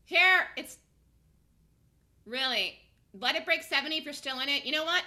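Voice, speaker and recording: Woman host, live trading-room commentary, high animated voice, bright and forceful, excitable delivery. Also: normal speed, pauses often. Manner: excitable, swings from muttering to shouting calls. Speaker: day trader streaming a live trading room.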